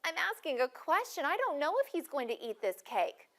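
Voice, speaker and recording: A woman's voice: sits high, sing-song, a little fast, bright, forceful tone. A woman teaching a phonics lesson, encouraging students and asking them questions by name.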